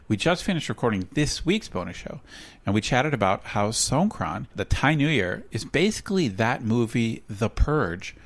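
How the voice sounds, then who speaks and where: An American man in his forties co-hosts a podcast, reading promos with dry humor during a casual chat. His medium-pitched voice is sing-song, at a moderate pace.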